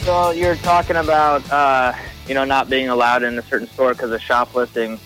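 A man's voice: mid-range voice, level tone, normal speed, fairly bright tone, soft background music, poor audio. A man calling in to a radio show, telling a story in a rambling, hesitant way with many fillers. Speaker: caller. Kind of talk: phone-in storytelling.

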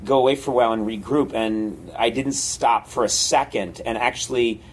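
A comedy writer chats casually, spinning rambling, animated stories full of fillers. His voice sits in an ordinary middle pitch. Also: moderate pace, a little hiss or hum. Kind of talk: casual podcast chat.

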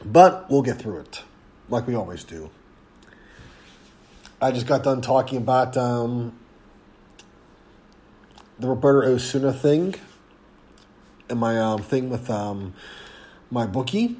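Male podcast host, stuffed-up and hoarse, loose rambling sports chat. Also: medium pitch, animated, slow, pauses often, a little mellow. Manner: rambling, frequent ums and restarts. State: congested, losing his voice. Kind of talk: casual sports podcast talk.

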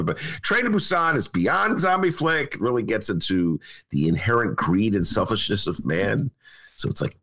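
Man in his 60s, bright forceful voice, goes on and on, repeats stuff. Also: medium pitch. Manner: rambling, emphatic, repeats himself. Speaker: podcast host and journalist. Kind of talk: casual chat.

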